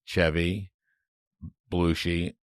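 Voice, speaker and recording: Man, low voice, dry close sound, interview host, halting. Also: flat delivery, smooth, no echo. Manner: laughs often, halting restarts. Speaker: podcast host. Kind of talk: casual interview.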